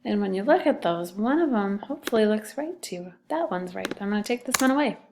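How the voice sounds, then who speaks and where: A woman's voice: mid-range voice, expressive, brisk, darkish tone, a little hiss or hum. A woman teacher giving a phonics lesson to second graders, patient and sounding out letters and syllables.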